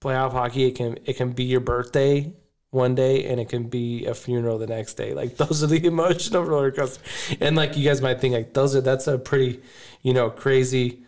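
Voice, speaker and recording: A man's voice: mid-range voice, fairly even intonation, normal speed, darkish tone. A man hosting a hockey podcast, talking in a casual, rambling and emotional way, often laughing. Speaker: podcast host. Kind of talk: casual chat.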